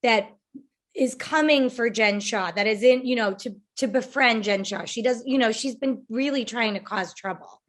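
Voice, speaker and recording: A woman's voice: on the high side, normal speed. A woman co-hosting a podcast, recapping reality TV in a chatty way full of fillers. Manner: chatty recapper, many fillers like "you know" and "like". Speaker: podcast co-host. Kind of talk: casual reality TV gossip chat.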